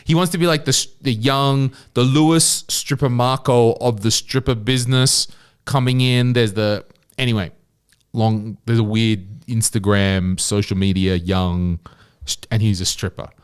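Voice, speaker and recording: An Australian man with a smooth, mid-range voice speaks unhurriedly while co-hosting a studio podcast. In casual conversation he rants, swears and tells stories animatedly.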